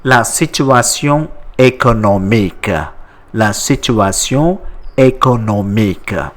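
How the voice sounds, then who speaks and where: Guy teaching slow and careful, says every word twice, mid-pitched voice. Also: fairly bright tone. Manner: slow, deliberate, repeats each example word twice. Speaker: language teacher. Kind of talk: slow step-by-step language lesson.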